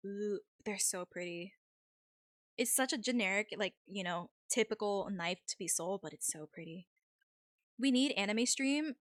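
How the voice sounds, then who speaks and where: A young woman streamer with an American accent that has a faint Vietnamese tinge, chatting casually with viewers, easygoing and quick to laugh. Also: medium pitch, no echo, clean studio sound. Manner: easygoing, chatty, laughs often, many ums. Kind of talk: casual chat reading viewer messages.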